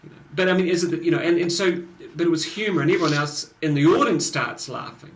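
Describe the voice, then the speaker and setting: A man co-hosting a casual conversation, telling stories in an animated way with many restarts. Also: on the high side, quick pace. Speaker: podcast co-host. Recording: echoey room with faint noise.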